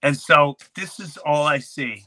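A middle-aged podcast host and comedian tells a childhood story full of energy, acting out sound effects as he goes. His voice is a little high with a sharp tone, and he speaks a little slowly in this animated chat.

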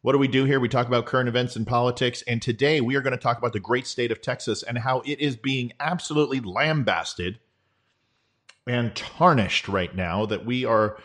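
A man's voice: mid-range voice, brisk, fairly bright tone. Folksy, joking male political host. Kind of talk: casual political commentary.

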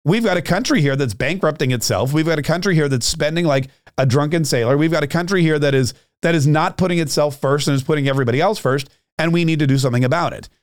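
A man's voice: on the high side, fast talker, hardly any pauses, no echo, clean studio sound. A man hosting a podcast, delivering a ranting, sarcastic political commentary monologue. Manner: ranting, sarcastic, repeats words.

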